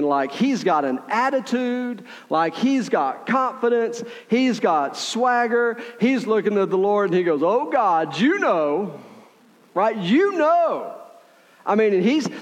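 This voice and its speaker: High-voiced preacher in a reverberant hall. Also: male voice. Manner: conversational preaching, frequent "right?" asides. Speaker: pastor. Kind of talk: sermon.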